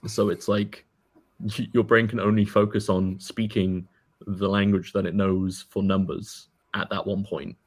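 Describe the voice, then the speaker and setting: A man's voice: on the low side, flat delivery, a little slow. A man co-hosting a podcast, telling stories casually with lots of "like" and "um". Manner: loose storytelling, many "like"s. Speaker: podcast co-host. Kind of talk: casual chat.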